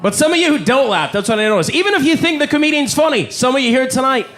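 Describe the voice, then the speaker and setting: A Canadian comedian performs live stand-up in front of a club audience, his high voice carrying a lively intonation. Wry and conversational, he slips into quick voices for gags. The recording is a loud live capture full of crowd noise, laughter and room ambience.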